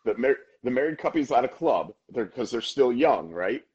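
A man in his thirties, co-hosting a casual podcast, telling an animated story with playful voices for the characters. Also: mid-range voice, moderate pace, slightly rough, dull audio. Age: 30s. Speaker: podcast co-host. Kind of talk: casual chat.

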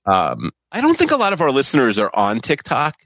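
Lively, rambling man in his forties. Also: mid-range voice, a little fast, no echo, clean studio sound. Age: 40s. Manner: rambling, hesitant, lots of "like" and "uh". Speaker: podcast co-host. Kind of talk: casual chat.

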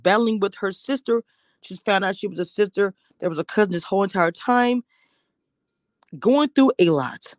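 A woman's voice: mid-range voice, moderate pace, dry recording. Woman TV reviewer, casual and chatty, slips into whispers for emphasis, dry close recording. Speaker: TV show reviewer. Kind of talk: casual episode recap.

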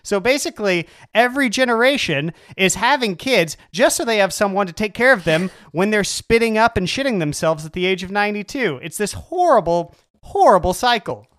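A man's voice: high voice, lively intonation, fairly quick, hardly any pauses, fairly bright tone, no room sound. Sardonic, swearing man, dry sound. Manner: profane, darkly sardonic. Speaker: podcast co-host. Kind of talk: casual comedic rant.

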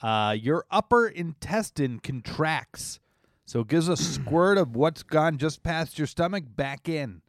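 A man's voice: fairly high pitch, lively intonation, measured pace, dry recording, clean studio sound. A man hosting a casual comedy radio show, playful and laughing often, explaining with frequent asides.

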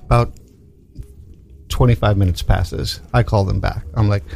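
A man's voice: on the low side, fairly even intonation, measured pace, creaky, a little mellow. Rambling, easygoing male radio host. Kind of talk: casual storytelling on radio.

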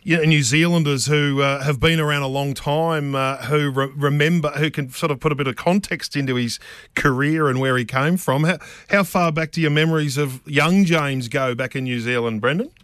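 Inquisitive male co-host, slightly high voice. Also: moderate pace, fairly bright tone, dry recording, clean studio sound. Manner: curious, inquisitive questions. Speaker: radio co-host. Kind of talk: racing talk interview.

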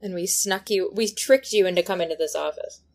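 A woman's voice: lowish voice, brisk. A young woman co-hosting a casual book podcast, wry and playful, swearing casually. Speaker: podcast co-host. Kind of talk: casual book-club chat.

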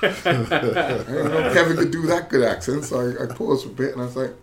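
A man, a former footballer, chatting casually as a pundit and telling animated stories with many restarts. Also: medium pitch, a little fast, roomy sound, a crowd in the background. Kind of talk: casual chat, storytelling.

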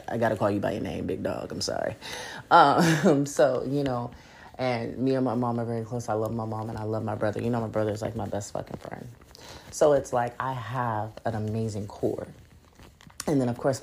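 A young adult woman hosting a solo podcast, talking in a blunt, profane and animated way. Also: extremely low pitch, husky. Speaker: podcast host. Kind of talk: casual solo podcast rant.

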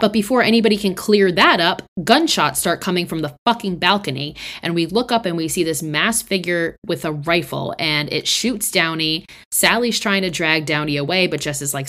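A woman's voice: sits low, moderate pace, hardly any pauses, fairly bright tone. A woman hosting a podcast, casually recapping a horror film in a chatty, profane way with lots of fillers. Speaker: podcast host.

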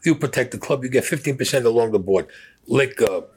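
Husky and darkish, his medium-pitched voice moves briskly with lively intonation as he bluntly relates episodes from his life, swearing freely and acting out dialogue. The audio is poor.

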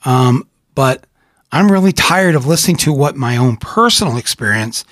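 A middle-aged man from Michigan hosting a conversation, rambling and animated, with frequent restarts and laughs. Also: medium pitch, moderate pace, dry recording, studio quality. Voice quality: husky. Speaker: host. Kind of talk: casual conversation.

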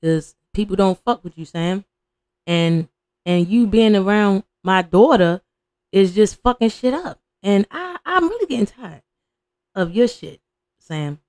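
A woman's voice: mid-range voice, lively intonation, a little slow, darkish tone. A woman playing an angry father who is cursing and threatening his daughter's boyfriend on a video call. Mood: menacing. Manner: threatening, profane.

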